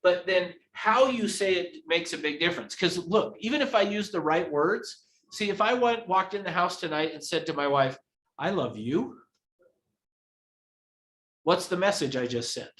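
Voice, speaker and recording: In an echoey training room, a man runs a live real estate training class, acting out examples as he explains them. His voice sits high and a bit bright, and he speaks at a moderate pace.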